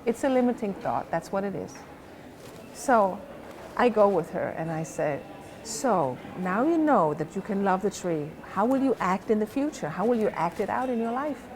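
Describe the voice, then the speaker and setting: A woman coach, outdoors at a museum park, calmly telling a story about a client session and quoting both sides of the dialogue. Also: medium pitch, normal speed, slight background noise, low-quality recording. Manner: calm, retelling a coaching session with quoted dialogue. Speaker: house coach. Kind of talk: storytelling monologue to camera.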